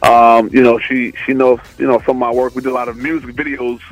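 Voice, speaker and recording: A man with a New York accent, a comedian guest telling his story in a relaxed, rambling way. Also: mid-range voice, fast, low-quality recording. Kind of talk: casual interview chat.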